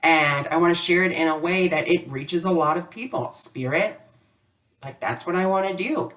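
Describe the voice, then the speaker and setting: A man's voice: fairly high pitch, moderate pace, fairly bright tone. A man giving a casual spiritual lesson, telling a personal story in a chatty way with many fillers. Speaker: spiritual teacher. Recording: voice a bit distant from the mic.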